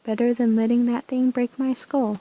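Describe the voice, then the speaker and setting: A woman's voice: on the high side, level tone, moderate pace, dark tone, poor audio. A woman voicing a brave young heroine in a story game, plain and lightly sarcastic. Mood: wry.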